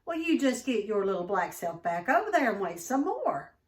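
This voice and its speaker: A woman's voice: medium pitch, big pitch swings, normal speed, echoey room, lightly acted. A woman voicing a harsh, hateful shopkeeper. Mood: hostile. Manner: harsh, clipped, forceful. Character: hostile, contemptuous middle-aged male shopkeeper.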